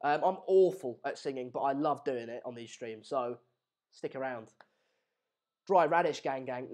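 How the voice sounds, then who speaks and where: A man's voice: medium pitch, normal speed, darkish tone. A young man from England hosting a live football watchalong stream, reading out viewer comments and joking around with lots of fillers and restarts. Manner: jokey banter, rambling with fillers and restarts. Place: home room in Madrid.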